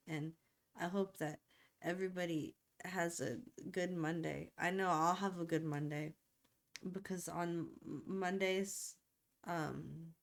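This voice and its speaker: Slow, rambling woman streamer. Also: fairly low pitch. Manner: rambling, playful, self-talking while working. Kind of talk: casual live-stream chat.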